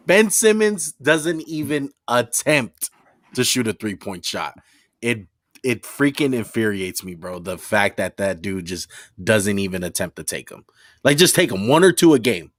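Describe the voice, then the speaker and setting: A man's voice: medium pitch, lively intonation, unhurried, dry recording, clean studio sound. A man on a sports panel, talking casually with slang and some exasperation.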